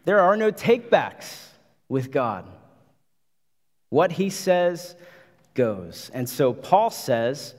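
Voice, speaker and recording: A man's voice: mid-range voice, big pitch swings, slow pace. Emphatic male preacher in a reverberant hall. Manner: emphatic, repeats phrases, builds intensity. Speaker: pastor. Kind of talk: sermon.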